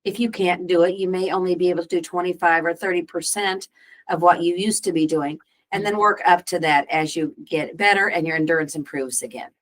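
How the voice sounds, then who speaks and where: Calm explaining woman co-host. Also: on the low side, brisk. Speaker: podcast co-host. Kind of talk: casual advice chat.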